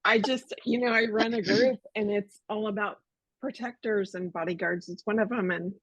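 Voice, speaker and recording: A woman book club host chatting casually in a relaxed, halting way. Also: mid-range voice, husky, dry recording. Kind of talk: casual chat. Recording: dull lo-fi dry sound.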